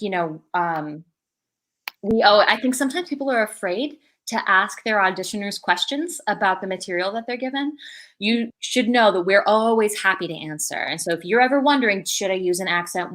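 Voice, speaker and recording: A woman's voice: mid-range voice, moderate pace, a bit bright. A woman, an associate director, chatting casually in an online video, with many fillers and laughs. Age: adult.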